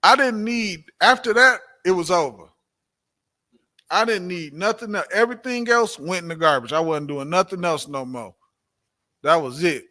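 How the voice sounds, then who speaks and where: A man's voice: sits high, normal speed, bright, forceful tone. A man teaching a religious class, preaching emphatically, repeating his points and asking rhetorical questions. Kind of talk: preaching-style class talk.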